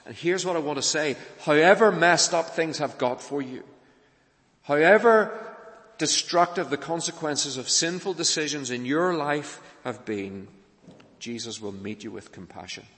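A man preaching a sermon in a church, earnest, pressing hard on key points and then falling soft and low. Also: a little slow. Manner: earnest, rising to urgent emphasis then dropping soft. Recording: long reverb of a church hall.

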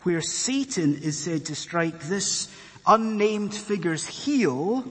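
Male preacher, high and slightly husky, earnest sermon delivery building to fervor, recorded in a reverberant church hall. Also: animated, normal speed, a bit bright. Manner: earnest, rising to fervent emphasis with rhetorical questions. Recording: long reverb of a large hall.

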